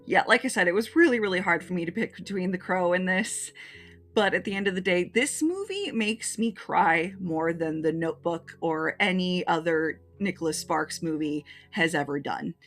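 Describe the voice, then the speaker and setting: A woman with a lowish voice talks through her favorite films in a casual review, gushing and openly emotional. Faint music plays underneath. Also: animated, normal speed. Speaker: movie reviewer. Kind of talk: casual list review to camera.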